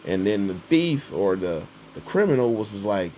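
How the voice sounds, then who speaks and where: A man giving an informal sermon, reading scripture slowly and then retelling it in everyday words, often checking in with "all right?". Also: on the low side, very animated, mellow, slight background noise, poor audio. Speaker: preacher.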